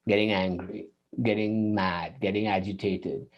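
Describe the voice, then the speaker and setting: A man answering questions in a spiritual interview on a video call, animated and laughing often, acting out inner voices. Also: fairly low pitch, a little slow, lo-fi sound. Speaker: guest teacher.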